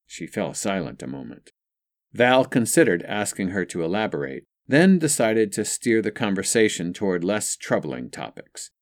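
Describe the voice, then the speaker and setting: A man reading a novel aloud as narrator, measured and expressive. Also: on the low side, no echo, clean studio sound. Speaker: audiobook narrator. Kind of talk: scripted narration.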